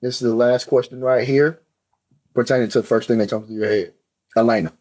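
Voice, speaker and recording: A man hosting a podcast in a relaxed, encouraging way, often adding "man" to his sentences. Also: medium pitch, brisk. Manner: laid-back and encouraging, says "man" a lot. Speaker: podcast host. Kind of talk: casual chat.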